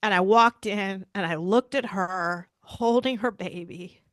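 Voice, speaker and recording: A woman's voice: medium pitch, a little slow, fairly bright tone, no echo, clean studio sound. A middle-aged woman, a pediatrician, telling a personal story in an interview with earnest, searching speech and frequent restarts. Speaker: pediatrician and bereaved mother, guest.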